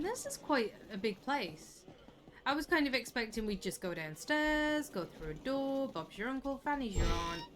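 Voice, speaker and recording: Giggly woman streaming a game. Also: mid-range voice. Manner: chatty, giggly, exclaims at the game. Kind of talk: casual live gameplay commentary. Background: game music.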